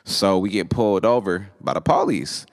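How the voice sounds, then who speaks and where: A young man with a deep, low voice tells a casual storytime about his band. He speaks loosely and animatedly, full of slang, and breaks into laughs as he goes. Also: moderate pace, dry recording, studio quality. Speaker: musician vlogger.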